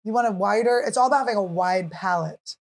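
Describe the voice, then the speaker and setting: Fast-talking woman hosting a podcast. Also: mid-range voice. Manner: quick, joking, acts out quotes. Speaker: podcast host. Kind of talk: casual comedy podcast chat. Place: podcast studio.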